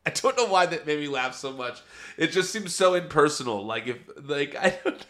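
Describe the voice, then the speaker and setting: A man's voice: a little high, lively intonation, normal speed, bright, forceful tone. A man giving a chatty, enthusiastic casual recap, rambling into asides as he goes. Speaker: wrestling show reviewer.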